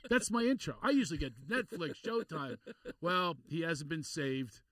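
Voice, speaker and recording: A man from Philadelphia hosting a podcast, chatting in an animated, joking way. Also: fairly high pitch, moderate pace, no echo. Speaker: podcast host and comedian. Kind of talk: casual interview chat.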